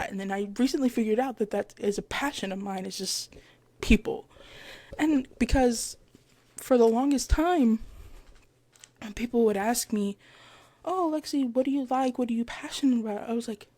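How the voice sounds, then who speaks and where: A woman's voice: on the high side, dry recording. A woman in her twenties hosting her own podcast, casually retelling stories and acting out the people in them. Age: 20s. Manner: chatty, retells stories with lively quoted voices. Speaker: podcast host. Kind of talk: casual solo podcast chat. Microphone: headphones with mic.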